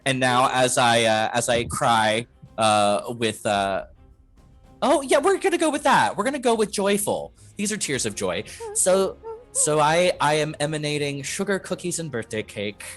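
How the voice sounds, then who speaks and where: A man's voice: mid-range voice, big pitch swings, moderate pace, fairly bright tone, soft background music. A man playing in a tabletop game, earnest and playful in manner. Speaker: player. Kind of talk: tabletop role-play.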